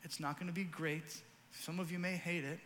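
A pastor in his forties preaching a sermon, earnest and emphatic, telling stories with lively energy. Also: on the high side, moderate pace, in a large hall, a little hiss or hum.

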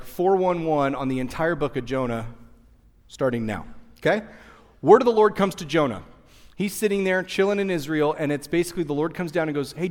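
Casual pastor in a reverberant hall. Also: male voice, on the high side. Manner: breezy, jokey retelling with acted-out quotes. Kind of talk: casual storytelling sermon.

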